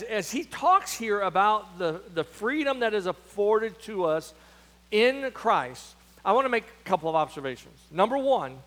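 High-voiced preacher in a reverberant hall. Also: male voice, a bit bright. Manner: emphatic, with frequent restarts and fillers. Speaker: pastor. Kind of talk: sermon. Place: church sanctuary.

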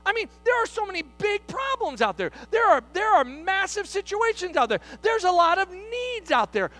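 Emphatic high-voiced male preacher. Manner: emphatic, repeats "listen", drops to a hush for stress. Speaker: pastor. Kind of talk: sermon.

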